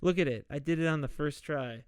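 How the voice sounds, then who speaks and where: A man hosting a podcast, slowly and casually retelling a movie's plot with jokey asides. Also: fairly high pitch, smooth, no echo, studio quality. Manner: slow, laid-back retelling with jokey asides and mock quoted voices. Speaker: podcast host. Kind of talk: casual solo movie recap.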